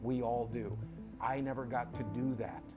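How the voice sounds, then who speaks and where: A man's voice: medium pitch, little pitch movement, moderate pace, lo-fi sound, music in the background. A man speaking bluntly and matter-of-factly in an interview clip.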